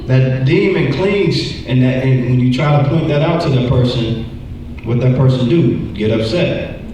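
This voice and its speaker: A man teaching a church lesson in a relaxed, talky way. He often repeats words as he speaks. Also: medium pitch, unhurried, slight background noise. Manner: conversational, repeats words, acts out voices. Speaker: Bible study teacher. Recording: echoey room, distant mic.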